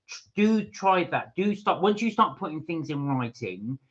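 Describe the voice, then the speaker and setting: A man's voice: fairly high pitch, expressive, a little slow, a bit bright, muffled recording. Man chatting casually on a live stream. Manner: rambling, hesitant with many fillers. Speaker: channel co-host. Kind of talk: casual live-stream chat reading comments.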